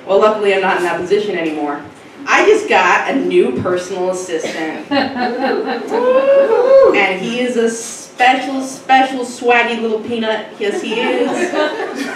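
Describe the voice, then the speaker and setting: A woman's voice: fairly high pitch, unhurried, far from the mic, noisy background. A young woman performing a stand-up comedy set, chatty and self-mocking, rambling through asides. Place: comedy club stage. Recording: echoey club, mic from afar.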